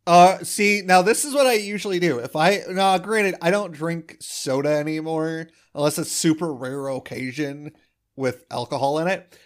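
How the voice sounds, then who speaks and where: A podcast co-host with a slightly high voice chats casually at normal speed while recapping a cartoon episode. He's animated, acting out the quoted lines as he goes.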